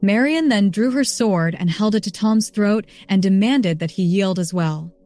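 Brief: female narrator, even storybook delivery, middle pitch, light music bed. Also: moderate pace. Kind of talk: scripted narration.

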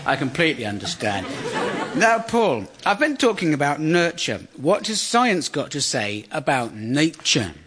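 Wry comedian. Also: male voice, fairly high pitch, a little slow, a crowd in the background, noisy background. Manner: wry, sardonic, deadpan. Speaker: comedian host. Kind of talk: stand-up monologue.

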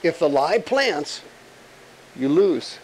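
A male pastor delivering a lively sermon with a higher-than-usual voice. He is emphatic and jokey, firing rhetorical questions, with a faint room ambience behind him. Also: slow, a little hiss or hum, low-quality recording.

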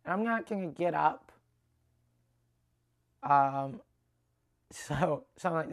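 A man's voice: on the high side, expressive, slow pace. A male comedian talks through his tour in a loose, rambling monologue. He swears constantly and trips over his own sentences, doubling words and restarting. It sounds offhand and unscripted. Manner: profane, rambling, many restarts. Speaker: stand-up comedian.

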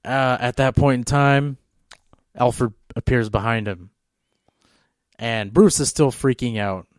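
Man, podcast co-host, casual rambling storytelling, smooth clear voice, dry close sound. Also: mid-range voice, slow pace, dry recording. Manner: rambling, full of fillers and restarts.

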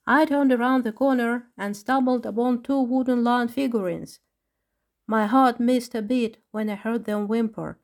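A woman's voice: on the high side, normal speed, pitched above the performer's own voice, natural voice. A woman voicing a worried lion parent whose sons were taken, speaking in distress. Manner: distressed, sobbing quietly.

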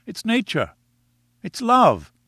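A man's voice: high voice, huge pitch swings, slow, fairly bright tone, breathy edge, no room sound, clean studio sound, pitched above the performer's own voice, full character voice. A man reading aloud voices an earnest, lovestruck young man who pleads eagerly with the woman he loves.

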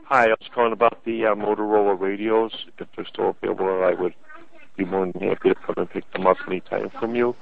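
A man calling about an ad, gruff and plain-spoken, heard over a tinny phone line. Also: on the low side, steady tone, fast talker, dry recording. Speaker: caller answering an ad. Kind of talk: leaving a voicemail.

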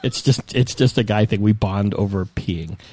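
Low-voiced man telling a rambling story. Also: a little mellow. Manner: rambling, self-mocking, quick asides. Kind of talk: casual chat, comic storytelling.

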